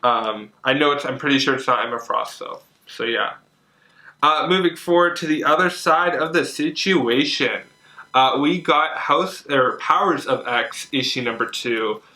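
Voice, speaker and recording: A young man chatting casually while unboxing comics, excitable and full of fillers and gushing. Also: medium pitch, a little slow. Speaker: comic collector vlogger. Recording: echoey room.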